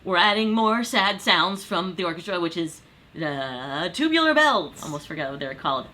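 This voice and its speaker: A woman's voice: fairly low pitch, expressive, normal speed, bright, forceful tone, slight background noise. A woman hosting a music video, talking through a song arrangement in a casual, playful way and jumping from idea to idea. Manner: chatty, playful, jumps between ideas. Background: music playing under the voice.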